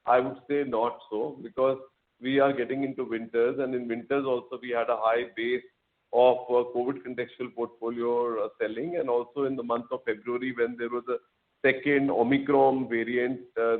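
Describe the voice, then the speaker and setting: A man, a company executive explaining results to analysts in a measured way, with frequent fillers. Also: medium pitch, flat delivery. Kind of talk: earnings call answers. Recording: tinny phone line.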